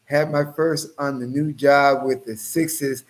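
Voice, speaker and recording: A man's voice: medium pitch, steady tone, takes it slowly. A man hosting a casual livestream, joking and calling out viewers by name. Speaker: livestream host.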